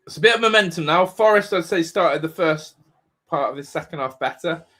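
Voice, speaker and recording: A man hosting a live football watch-along, reacting loudly, swearing and shouting advice at the players. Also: on the high side, fairly quick. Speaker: fan watch-along host.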